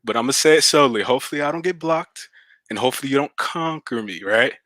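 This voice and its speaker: A man calling into a debate stream, answering calmly and slowly with a sarcastic edge. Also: medium pitch, dry recording. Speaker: caller. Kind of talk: call-in debate.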